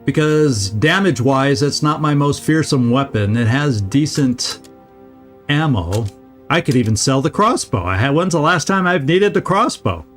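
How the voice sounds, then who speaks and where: A man's voice: mid-range voice, expressive, normal speed, soft background music. Chatty male game streamer, laughing often. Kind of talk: casual let's-play commentary.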